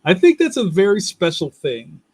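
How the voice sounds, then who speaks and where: Rambling casually on his livestream, a young Philadelphia-accented man speaks at normal speed in a voice that sits high and swoops wildly in pitch. He laughs a lot and reads viewer comments aloud, with no echo in the recording.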